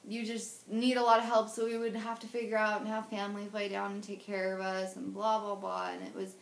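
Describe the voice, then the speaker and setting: This patient, a woman in her twenties, recounts her surgery for a personal video diary in a flat, creaky, medium-pitched voice that runs a little fast. She rambles and restarts repeatedly, candid and emotional throughout, and the rough recording echoes.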